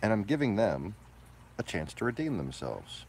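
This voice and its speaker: A man delivering a profane, combative ranting monologue, moving between low mutters and loud outbursts. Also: big pitch swings, normal speed, slight background noise.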